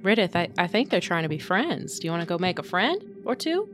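A woman's voice: fairly low pitch, very animated, brisk, a bit bright, faint music behind. A woman playing a tabletop game, chatting casually in a playful, slangy way. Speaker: player.

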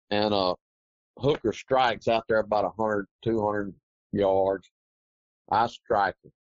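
A man's voice: mid-range voice, dry recording. A man, telling a rambling, folksy story as an interview guest. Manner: rambling, folksy, animated retelling. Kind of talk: casual anecdotal storytelling. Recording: dry, dull lo-fi recording.

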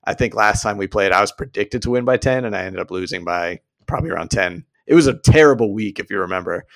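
A man's voice: on the low side, fast talker, vocal fry. A man co-hosting a casual podcast, laid-back and self-deprecating in his banter. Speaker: podcast co-host.

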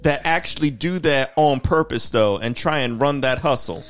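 A man chatting casually, tossing in quick reactions and asides. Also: medium pitch, over music. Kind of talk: casual chat.

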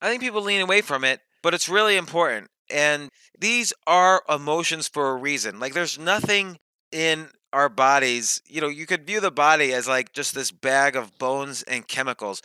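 A man who is a podcast guest and author, thinking out loud with examples and questions he puts to himself. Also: on the high side, normal speed, smooth, no echo, low-quality recording. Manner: thoughtful, explains with examples and self-questions. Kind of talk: reflective podcast conversation.

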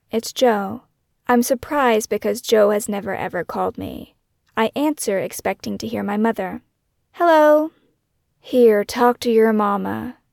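A woman narrating her own true-crime memoir podcast as host, in a measured, brooding way that weighs one question after another. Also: medium pitch, gravelly, a little mellow, no echo, clean studio sound.

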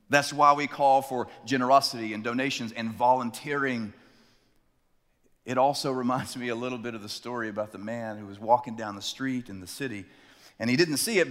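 A male pastor preaching a sermon in a church sanctuary, telling stories with dramatic slowdowns for emphasis. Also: mid-range voice, a bit bright, big-room sound.

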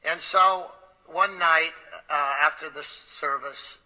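A man's voice: fairly high pitch, slow, bright, forceful tone, low-quality recording. A man preaching, telling a story in a conversational way with frequent hesitant fillers. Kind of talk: storytelling sermon.

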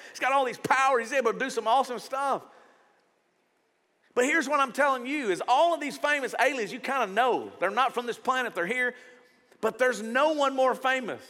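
Pastor guy telling a story in his sermon, kinda high bright voice, echoey big room. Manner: storytelling, conversational and emphatic. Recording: reverberant church hall.

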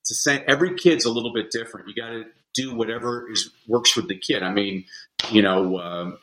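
Podcast guest, male educator: bright, punchy voice, animated anecdotal delivery. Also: medium pitch, fairly quick, slight background noise, rough recording. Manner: animated storyteller acting out kids' voices. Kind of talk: casual podcast chat.

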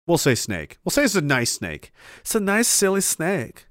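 A man with a high-pitched voice rants in a heated, profane and emphatic way. He rambles through restarts and asides as he builds his argument. His voice sounds dry and close, with no room echo. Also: huge pitch swings, normal speed, a bit bright. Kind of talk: profane opinion rant.

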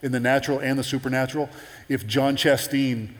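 A man preaching a sermon in an animated, conversational way with playful asides. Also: mid-range voice, a little fast, big-room sound.

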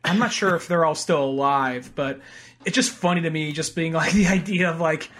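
Slightly high-voiced man, animated chat. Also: moderate pace. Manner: profane, animated, laughing. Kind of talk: casual chat about a film.

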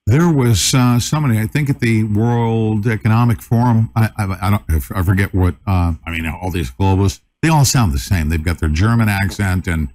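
A man's voice: fairly low pitch, normal speed, few pauses, darkish tone, no room sound. A man hosting an interview show, chatting casually with rambling asides. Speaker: host.

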